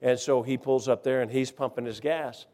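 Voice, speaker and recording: A man preaching a sermon and telling a humorous story in a folksy, halting way, with many fillers and restarts. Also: mid-range voice, long reverb tail. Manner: folksy, halting, grows loud and excited in the story.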